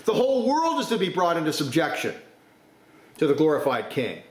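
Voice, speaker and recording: A male preacher delivering a forceful sermon, his voice sitting a little high for a man. He rises sharply in pitch to drive points home. The sound carries noticeable room echo. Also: huge pitch swings, fairly quick.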